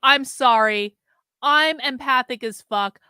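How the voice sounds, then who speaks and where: A woman hosting a casual reaction show, chatting in quick, gossipy asides. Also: sits high, bright, forceful tone, clear, resonant tone, dry recording, clean studio sound. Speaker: host reacting to clips.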